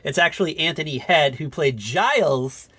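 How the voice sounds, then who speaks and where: A man's voice: fairly high pitch, moderate pace, slightly rough, no echo. A man with a Northeastern US accent, co-hosting a podcast in casual, jokey chat. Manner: excitable, jokey, animated. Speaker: podcast co-host.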